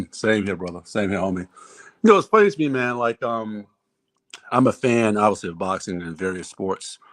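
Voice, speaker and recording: A man's voice: lowish voice, animated, normal speed, fairly bright tone. A man joining a livestream panel as a guest, chatting in a friendly, easygoing way with lots of fillers. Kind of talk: casual chat.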